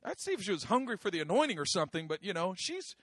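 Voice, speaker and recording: A middle-aged man preaching, telling a story with lively acted-out voices and frequent laughter. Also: high voice, quick pace, no room sound, studio quality. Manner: animated, acts out voices, laughs often. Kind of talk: sermon storytelling.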